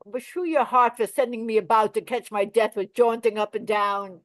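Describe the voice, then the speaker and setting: A woman's voice: on the high side, fairly even intonation, normal speed, no echo, lightly acted. A woman reading the part of an old, chattering female nurse, rambling and complaining with big swings in volume, in a Shakespeare play reading.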